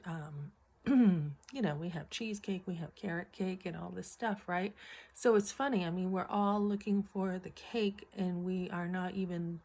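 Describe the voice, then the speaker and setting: A middle-aged woman talks casually to her camera, retelling a funny workday with lively acted-out quotes. Her voice sits a little low for a woman. She clears her throat often as she chats along. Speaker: vlogger. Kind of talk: casual storytelling.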